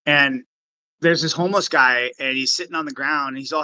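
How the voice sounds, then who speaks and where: Bright-voiced man telling stories animatedly. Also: mid-range voice, a little fast, dry recording, poor audio. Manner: animated storyteller, acts out voices in his stories. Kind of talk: casual conversation.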